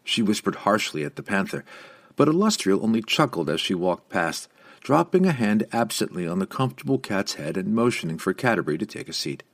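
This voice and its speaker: Low-voiced man narrating a fantasy novel. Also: big pitch swings, a little fast, no room sound. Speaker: audiobook narrator.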